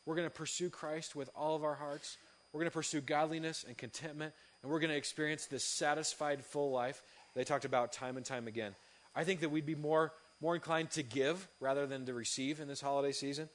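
Earnest young man preaching a story. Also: a little high. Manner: earnest, conversational, many fillers and restarts. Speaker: youth pastor. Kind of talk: sermon storytelling. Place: church hall.

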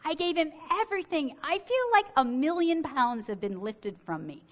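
A middle-aged woman quoting a troubled young woman, in a halting, hesitant way. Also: high voice, very animated, voice pushed up. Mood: overjoyed. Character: troubled young woman, tearful then joyful.

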